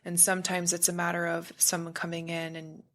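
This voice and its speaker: A woman's voice: lowish voice, completely flat delivery, a little fast, fairly bright tone. A woman talking as a podcast guest in a meandering, searching way, sometimes buzzing to illustrate a point. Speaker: podcast guest, spiritual practitioner. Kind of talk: casual conversation.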